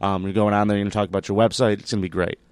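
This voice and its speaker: A man telling a story as a comedian guest on a casual podcast, animated and swearing, acting out the quotes as he goes. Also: on the low side, very fast, smooth, no room sound.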